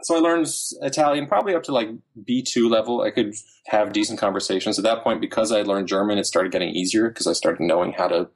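Husky-voiced man telling a lively story. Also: on the low side. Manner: animated storyteller, quick asides with laughs. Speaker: podcast guest. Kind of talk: casual interview chat.

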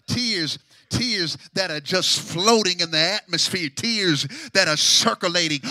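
High, bright-voiced shouting preacher man. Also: dry recording, clean studio sound. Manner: shouting, sing-song preaching with repetitions. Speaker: pastor. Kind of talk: call-and-response sermon.

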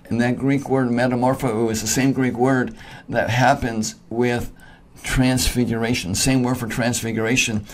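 Guy preaching a sermon, mid-pitched voice, keeps repeating words and going "amen?". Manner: repeats words and restarts often, earnest and emphatic; asks the listener "amen?" often. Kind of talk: recorded sermon teaching.

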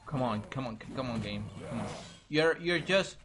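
A man's voice: mid-range voice, lively intonation, moderate pace. A young man commentating a let's play, frustrated, swearing, muttering and repeating himself at a hard boss. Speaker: gaming channel host.

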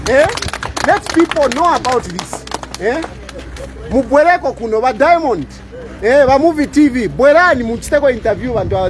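With an extremely high, expressive voice at normal speed, a middle-aged Zambian-accented lawyer appeals impassionedly to the camera. As a public lawyer he is emphatic, repeats his lines, and tags them with "eh?" seeking agreement. Background noise is present.

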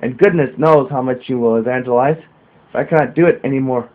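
A man's voice: medium pitch, quick pace, natural voice. A man reading the part of a sorrowful, resigned older male disciple. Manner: sad, resigned. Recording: narrow phone-like sound.

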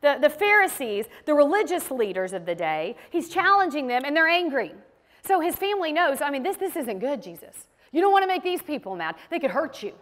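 A woman's voice: high voice, very animated, fairly quick, a bit bright, big-room sound. A woman teaching a sermon in church, telling stories in a casual, conversational way and acting out the voices she quotes. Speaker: women's ministry teacher. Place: church sanctuary.

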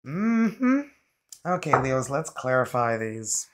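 A woman's voice: a bass voice, big pitch swings, takes it slowly, noisy background. A Canadian woman giving a casual, rambling tarot reading to camera, with lots of fillers and laughter. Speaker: tarot reader.

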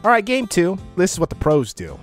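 Animated, joking man commenting on gameplay. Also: sits high, brisk, soft background music. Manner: joking and self-mocking, laughs often, sudden excited outbursts. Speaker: gaming YouTuber. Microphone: close microphone.

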